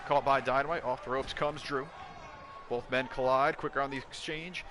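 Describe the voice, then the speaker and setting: A man commentating a wrestling video game play-by-play, excitable, breaking into shouts at big moves. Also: mid-range voice, normal speed, background noise.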